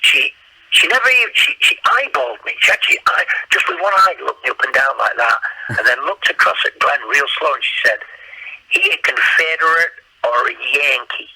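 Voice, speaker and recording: A man from England, an impressionist, telling lively anecdotes in a casual chat and slipping into accents. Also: fairly high pitch, quick pace, gravelly, breathy edge, low-quality recording. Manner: animated anecdotes, slips into accents. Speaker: guest impressionist.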